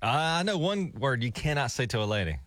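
A man's voice: mid-range voice, very animated, fairly quick, a bit bright, no room sound, clean studio sound. A man co-hosting a morning radio show, bantering casually and laughing often.

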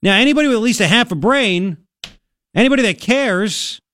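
A man's voice: sits high, expressive, fairly quick, fairly bright tone. A male talk radio host giving an emphatic, ranting political commentary.

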